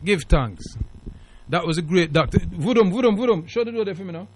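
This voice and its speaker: The call-in radio show host speaks fairly quickly with lively intonation in a voice that sits high, delivering an emphatic, preachy message. His British accent is strongly tinged with Jamaican Patois, and the studio recording carries a little hiss or hum.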